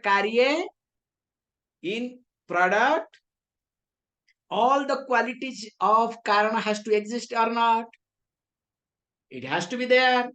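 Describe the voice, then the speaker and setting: With a fairly bright tone and a voice on the high side, a woman delivers an English scripture lecture. As a spiritual teacher, she frequently answers her own rhetorical questions and adds teasing, playful asides.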